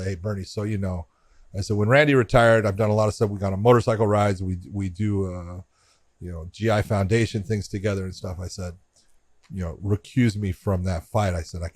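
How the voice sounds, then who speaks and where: A man's voice: lowish voice, a little mellow, dry recording. A middle-aged man, a referee and podcast co-host, telling a rambling anecdote and acting out both sides of the conversations. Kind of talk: casual storytelling on a podcast.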